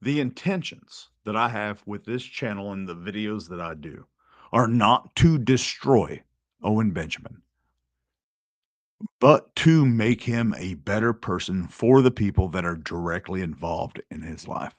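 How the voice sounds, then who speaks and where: A man's voice: fairly low pitch, lively intonation, unhurried. A man with a Texan accent hosting a casual live-stream chat, rambling, laughing often and getting worked up. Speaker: host.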